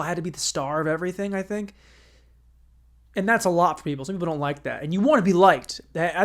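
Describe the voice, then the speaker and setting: A young man hosting a podcast, telling a rambling, profane story on his own and acting out the quoted voices. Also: on the high side. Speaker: podcast host. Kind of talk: casual solo storytelling.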